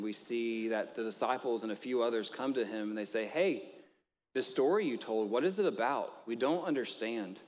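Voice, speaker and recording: A man's voice: mid-range voice, in a large hall. A male pastor giving a sermon in a conversational way, mixing stories and light jokes.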